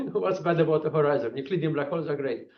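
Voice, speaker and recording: A man gives a seminar talk with a high, very lively voice. His speech is animated and full of fillers. The sound is dull and lo-fi, in a roomy, echoing space. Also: fast. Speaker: physics speaker. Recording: echoey room, dull lo-fi sound.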